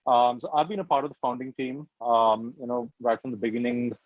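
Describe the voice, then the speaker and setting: A man with an Indian English accent giving a webinar talk over a video call, soft-spoken and often pausing with "um". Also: mid-range voice, steady tone, no echo. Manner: soft-spoken, frequent ums. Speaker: guest speaker. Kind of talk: webinar presentation. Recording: dull, dry video call audio.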